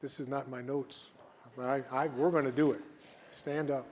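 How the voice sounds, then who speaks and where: A man preaching as a guest at a live-streamed church service. He reads scripture slowly and with weight, then talks casually with the congregation. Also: medium pitch, flat delivery, a little mellow. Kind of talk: sermon.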